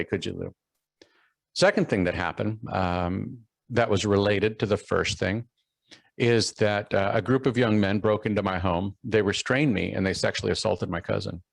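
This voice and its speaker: A man's voice: on the low side, gravelly, dry recording, low-quality recording. A middle-aged man from Texas giving a keynote talk, telling a personal story with many fillers and restarts. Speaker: keynote speaker.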